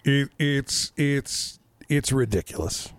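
A man in his fifties chatting casually on a podcast, telling stories in a profane, animated way and laughing at himself. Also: mid-range voice, slow pace, no room sound. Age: 50s. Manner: profane, animated storytelling with self-mocking laughs. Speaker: podcast host.

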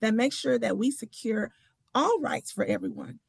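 A woman's voice: on the high side, animated, normal speed, creaky, breathy edge, no echo. A woman who serves as a state senator, talking with passion and emphasis, often restarting her sentences. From Tennessee. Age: adult with children. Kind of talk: political interview talk.

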